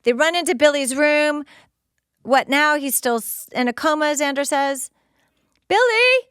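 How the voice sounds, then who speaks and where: A woman podcast host giving excited, casual play-by-play commentary while rewatching a TV episode. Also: high-pitched, moderate pace, dry recording, studio quality. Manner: excited, gushing, narrating scenes as they happen.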